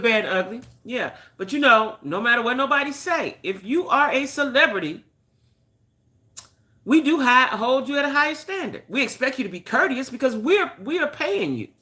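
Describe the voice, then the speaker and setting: A woman's voice: on the high side, pushed and bright. An older woman hosting a casual gossip chat, opinionated and chatty, talking straight to her viewers. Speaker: host.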